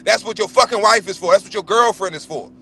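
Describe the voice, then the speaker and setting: Man, blunt and profane, ranting hard on a livestream call; high, bright, hammering his points. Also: fast, slight background noise. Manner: profane, blunt, emphatic, repeats himself. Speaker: livestream panelist. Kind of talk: heated casual rant. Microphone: remote livestream call.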